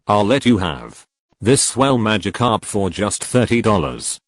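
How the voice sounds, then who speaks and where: A sly, pushy con-man salesman making his pitch, read by a man. Low voice with lively pitch and a dry, close sound. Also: a little slow, no echo. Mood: wheedling.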